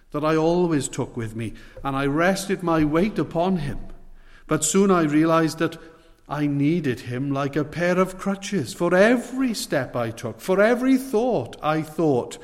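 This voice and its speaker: A man preaching a sermon, earnest and pleading, with slow emphatic stresses. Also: on the high side. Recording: long hall reverb.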